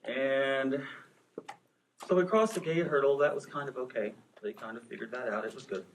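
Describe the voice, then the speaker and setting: A man's voice: medium pitch, normal speed. A man from Texas, speaking as a panelist, telling a frank personal story with self-deprecating jokes. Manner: candid, joking, self-deprecating. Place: movie theater. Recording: distant room mic with faint noise.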